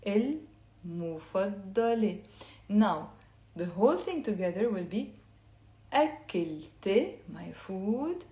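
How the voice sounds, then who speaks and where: A woman giving a casual online language lesson, talking low-key and quiet late at night, explaining step by step and having listeners repeat words aloud. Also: big pitch swings, moderate pace. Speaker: Lebanese Arabic teacher. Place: indoor room at night. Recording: echoey room.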